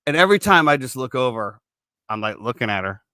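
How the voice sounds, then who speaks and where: A man's voice: mid-range voice, sing-song, fast, pushed and bright, clear, resonant tone, dry recording, clean studio sound. A middle-aged man hosting a podcast, chatting casually in a joking, rambling, self-mocking way. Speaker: podcast host.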